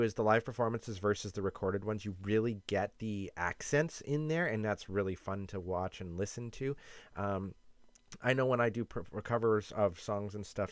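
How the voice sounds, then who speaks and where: Canadian guy rambling excitedly about results, low-ish smooth voice, lots of ums. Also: no room sound. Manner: enthusiastic, rambling, filler-heavy. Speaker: YouTuber and radio host. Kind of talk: casual reaction commentary.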